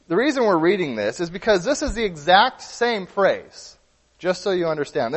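A man's voice: on the high side, big-room sound. A man preaching a sermon in an earnest way, often restarting and repeating words as he explains.

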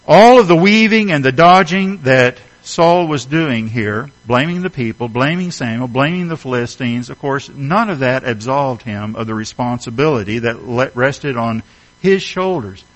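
Lively, emphatic man preaching a sermon. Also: medium pitch, normal speed, poor audio. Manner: earnest, emphatic preaching with rhetorical questions. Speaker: pastor.

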